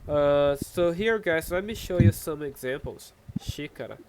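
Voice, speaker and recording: A man's voice: on the high side, lively intonation, unhurried, noisy background. A Brazilian man teaching Portuguese online in English with a Brazilian accent, explaining patiently and checking in with "okay?" often. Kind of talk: online language lesson.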